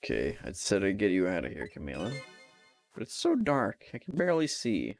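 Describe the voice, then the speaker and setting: A man voicing a brisk, caring young woman detective in a game, reading her lines aloud in an even tone. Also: low-pitched, gravelly, soft background music, heavily acted. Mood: concerned.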